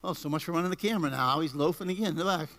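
A male pastor delivering an energetic sermon in a church. His voice sits high and sounds bright and forceful, climbing with emphasis. He throws in asides and jokes to the people in the pews. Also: racing. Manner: energetic preaching with rising emphasis and jokes to the congregation. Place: church before a congregation.

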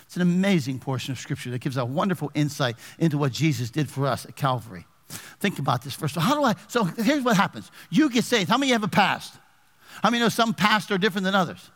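A man preaching in a high, lively voice that swoops up and down. He keeps firing questions at the congregation and reads scripture aloud. His voice rings out in a church with a long echo. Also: fast. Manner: animated preaching with call-and-response questions to the congregation. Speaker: pastor. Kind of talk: sermon. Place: church sanctuary.

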